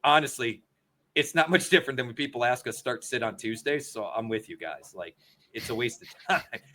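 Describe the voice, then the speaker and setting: A chatty, excitable man co-hosting a racing talk over a video call. His voice is bright and forceful, at an ordinary middle pitch. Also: fairly quick. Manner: chatty and excitable, laughs often. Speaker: podcast co-host. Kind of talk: casual sports betting chat.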